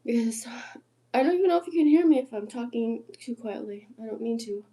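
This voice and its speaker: Woman in her sixties, hoarse, tired, half-whispered late-night ramble, mellow tone, iPad mic. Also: fairly high pitch, expressive, fairly quick. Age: 60s. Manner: soft-spoken, often drops to a whisper, swears freely, laughs between phrases. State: hoarse after illness. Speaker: musician livestreaming.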